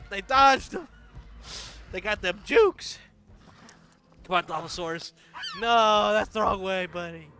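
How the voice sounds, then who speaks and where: A man giving casual, excitable gameplay commentary, laughing often and swearing freely. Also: high voice, measured pace, vocal fry, pauses often, a little hiss or hum. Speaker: gaming channel host.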